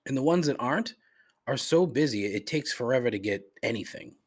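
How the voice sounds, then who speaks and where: A husky, expressive mid-range male voice moves a little fast. Hosting a solo comedic podcast, he goes through a menu and vents profanely, clearly exasperated.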